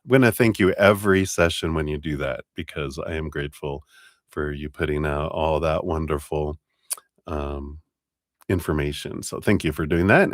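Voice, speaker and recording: A man's voice: a bass voice, no echo, studio quality. A man hosting a live tarot stream, casually greeting viewers by name and thanking them.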